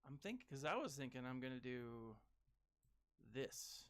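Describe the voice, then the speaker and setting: A man giving casual gaming commentary as a streamer, chatting with viewers and breaking into sudden excited whoops. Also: medium pitch, moderate pace, clean tone. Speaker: game streamer reading live chat.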